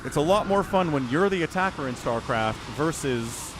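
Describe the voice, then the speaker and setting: A man's voice: on the high side, animated, normal speed, background noise. A man streaming casual game commentary, sarcastic and rambling as he talks to his chat. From United States. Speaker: esports caster and streamer.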